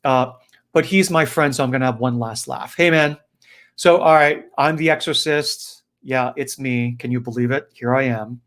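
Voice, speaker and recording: A man's voice: medium pitch, moderate pace, a bit bright, natural voice. A man doing a jovial teasing exorcist. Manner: joking, playful, friendly.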